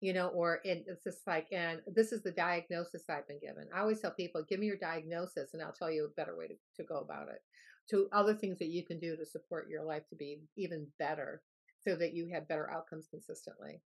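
Low-voiced woman, rambling storyteller. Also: a little fast. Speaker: guest health expert. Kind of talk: casual interview chat.

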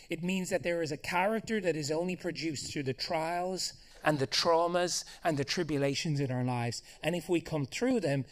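A man preaching in a lively, comic storytelling style, and his voice sits a touch higher than most. He swings between jokes and earnest points as he speaks to a congregation. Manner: animated, humorous storytelling. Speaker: pastor. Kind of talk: sermon. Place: church in front of a congregation.

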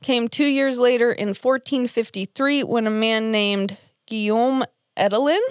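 A woman's voice: fairly high pitch, a little slow, clean tone, dry recording, studio quality. A woman co-hosting a podcast, talking casually, laughing often and swearing freely, tired. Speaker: podcast co-host. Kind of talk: casual chat.

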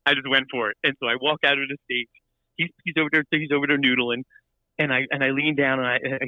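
Guy telling a story, bright edgy voice, lots of restarts, dry dull lo-fi sound. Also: on the high side, no echo. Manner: animated, many restarts and repeated words. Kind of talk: casual storytelling chat.

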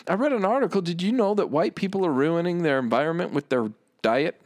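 A man's voice: on the high side, quick pace, a little mellow, no echo, clean studio sound. A man hosting a podcast in casual banter, rambling and asking himself questions as he talks. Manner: rambling, questioning, self-interrupting. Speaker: podcast host.

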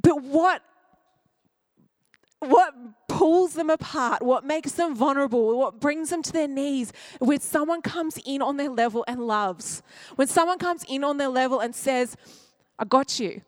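Emotive high-voiced woman preaching a sermon. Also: measured pace, dry recording. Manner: emotive, acts out quoted voices, drops to near-whisper at tender points. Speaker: pastor.

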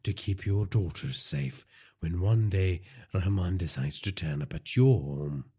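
A cold, vengeful vigilante who speaks in a very low, husky voice and terse, emotionless lines, as a male narrator voices him. He sounds commanding and unhurried throughout this crime audiobook. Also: lively intonation, warm tone, heavily acted. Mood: menacing. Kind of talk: audiobook character voice.

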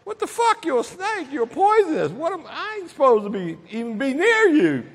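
A man's voice: very high-pitched, sing-song, normal speed, pitched above the performer's own voice, exaggerated voice. A man playing a wary male addict in recovery who talks back with exasperated disbelief, in a spoken story. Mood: incredulous. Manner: incredulous, exasperated. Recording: echoey hall.

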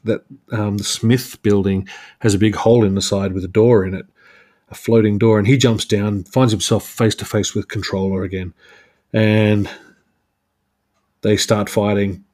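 A man with a lowish voice runs through a comic story on his podcast. His talk is casual and rambling, with fillers, and he is quick to poke fun at himself. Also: fairly even intonation, a little mellow. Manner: chatty and self-mocking, laughs at his own jokes. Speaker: podcast host. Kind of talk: casual comic book recap.

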